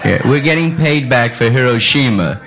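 Male club comic, loose improvised patter, lively pitch, heard on a noisy vintage tape. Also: normal speed. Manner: rambling, improvised banter with the audience. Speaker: stand-up comedian. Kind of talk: live stand-up set. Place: nightclub stage before an audience. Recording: hissy old live tape.

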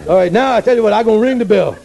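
An actor playing a scheming male con man in a radio sitcom, talking fast with fractured grammar and mixed-up big words. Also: high-pitched, creaky, warm tone. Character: scheming smooth-talking male lodge brother. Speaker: con man steering his friend. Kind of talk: 1950s radio sitcom acting.

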